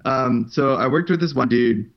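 A man's voice: medium pitch, moderate pace, lo-fi sound. Rambling, profane man telling a story. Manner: rambling, profane, acts out quotes in a raised voice. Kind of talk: casual storytelling chat.

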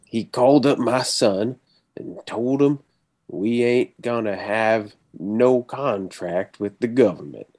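A man voicing a stern rancher with a shotgun, in a halting put-on Southern drawl. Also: lowish voice, a little mellow, no room sound. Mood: grim.

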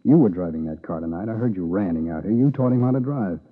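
A man's voice: low-pitched, lively intonation, fast talker. A man playing a tired, blunt hospital doctor who lectures a careless father, in an old radio drama. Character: weary, blunt middle-aged male hospital doctor. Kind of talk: 1950s radio drama acting. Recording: tinny old radio broadcast in a reverberant room.

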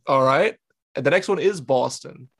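A man hosting a fan podcast, upbeat and energetic, laughing often. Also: medium pitch, normal speed, gravelly, husky. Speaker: podcast host. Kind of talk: casual talk show.

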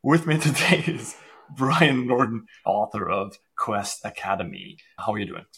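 A German podcast host chats and jokes through a casual interview, filling his speech with lots of fillers. His voice is fairly low and husky but fairly bright, with lively intonation and a slightly slow pace.

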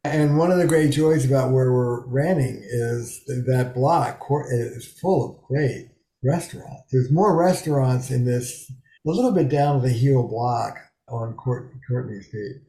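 A man's voice: mid-range voice, unhurried, warm tone, roomy sound. A man in his seventies, a psychotherapist speaking frankly and emphatically in an interview, from a small bedroom study. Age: 70s. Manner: frank, emphatic, swears freely. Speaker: psychotherapist guest. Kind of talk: candid interview conversation.

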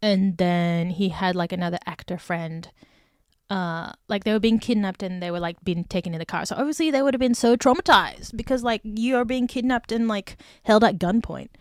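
A woman hosting a podcast on her own, telling stories in a casual chat with lots of "like" fillers and indignant, animated outbursts. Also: mid-range voice, normal speed, no room sound, studio quality. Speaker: podcast host.

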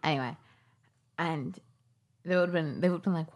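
A young woman co-hosting a podcast in casual chat, animated and joking, often trailing off mid-sentence. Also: low-pitched, moderate pace. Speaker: podcast co-host.

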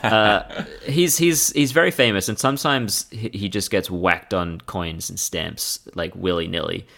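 A man with a low, gravelly voice and plenty of vocal fry, co-hosting a relaxed comedy podcast. He delivers his jokes dry and deadpan. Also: a little slow. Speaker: podcast co-host. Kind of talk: casual comedic chat.

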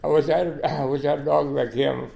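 A man's voice: on the high side, steady tone, fast talker, creaky, warm tone. An older man, a podcast guest, telling a long, rambling story in a folksy way. He restarts often and keeps saying "you know.". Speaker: podcast guest, dog trialer. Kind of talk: casual storytelling interview.

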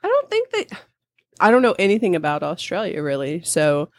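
A woman's voice: fairly low pitch, huge pitch swings, a little fast, no room sound, clean studio sound. A woman co-hosting a podcast, giggly and hesitant in casual chat. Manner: giggly, hesitant, laughs often. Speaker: podcast co-host.

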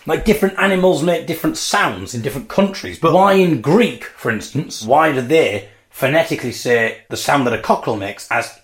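A man's voice: medium pitch, lively intonation, moderate pace, hardly any pauses. A man hosting a podcast alone, musing in a wry, playful way and acting out mock debates. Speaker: podcast host. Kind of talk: solo comic musing.

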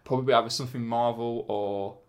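Casual film chat, guy talking fast, restarts a lot. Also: mid-range voice, fairly even intonation. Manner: rambling, repeats words, laughs often. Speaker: podcast co-host.

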